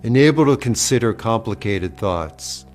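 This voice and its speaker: A man playing a solemn humanoid figure gaining AI powers, delivering low-budget film lines in a slow, stilted way. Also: lively intonation, faint music behind, close to an everyday voice.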